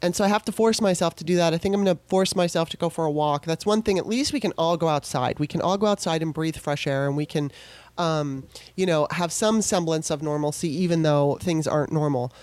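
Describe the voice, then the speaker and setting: A woman's voice: sits low, brisk, a little mellow, no room sound. Podcast lady talking close and dry, all over the place emotionally, lots of starts and stops. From California. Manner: emotional, rambling, many restarts. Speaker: podcast host. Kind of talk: casual monologue.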